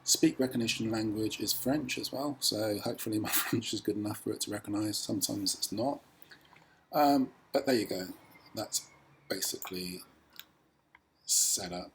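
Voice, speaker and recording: A man's voice: lowish voice, normal speed, slight background noise. A man casually explaining a language practice tool on screen, hesitant with many ums.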